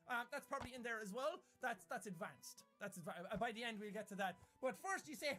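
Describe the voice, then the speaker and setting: A man's voice: a little fast, few pauses, faint music behind. A young man with an Irish accent, giving a comedic lesson in Irish slang and jumping into exaggerated quoted voices. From Ireland. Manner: animated, jumps into exaggerated high-pitched quoted voices. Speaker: YouTuber.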